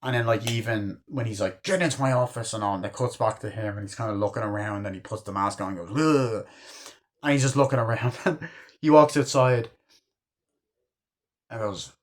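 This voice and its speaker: A man's voice: lowish voice, fairly quick. A man in his twenties reviewing a movie in a casual, rambling way, full of filler words and casual cursing. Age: 20s.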